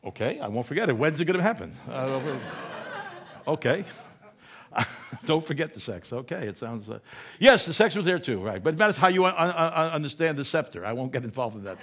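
A man's voice: fairly high pitch, sing-song, fairly quick, fairly bright tone, husky. A man giving a humorous lecture in a conversational way, often asking "right?" and correcting himself mid-word.

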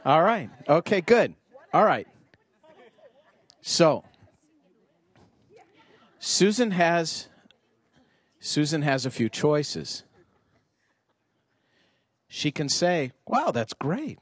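A middle-aged man speaks to a roomful of parents at an indoor venue, his voice a little high, husky, and very slow, with frequent pauses and no echo. His lively, rhetorical talk invites audience exchange, and he animatedly acts out snippets of dialogue as he goes.

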